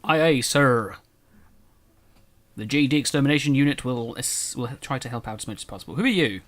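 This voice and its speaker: Giggly young male gamer, mid pitch, excitable commentary. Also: quick pace. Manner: excitable and giggly, cooing at animals. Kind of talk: let's play commentary.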